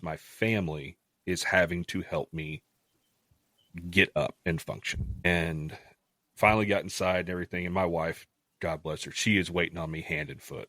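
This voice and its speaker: Casting: middle-aged man, deep voice, earnest storyteller, dry close sound. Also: fairly bright tone, dry recording. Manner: earnest, heartfelt, restarts often. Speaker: podcast guest. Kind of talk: casual storytelling.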